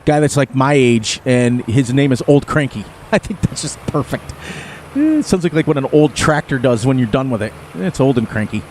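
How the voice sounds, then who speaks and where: A man's voice: medium pitch, expressive, normal speed, darkish tone, slight background noise. A middle-aged man chatting to his viewers during a live game stream. He rambles in a folksy way and laughs often. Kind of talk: casual rambling chat to viewers.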